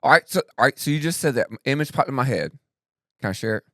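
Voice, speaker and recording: A man co-hosting a podcast, speaking in a relaxed, slangy, emphatic way. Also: medium pitch, quick pace, no echo, clean studio sound. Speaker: podcast co-host. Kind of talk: casual conversational podcast.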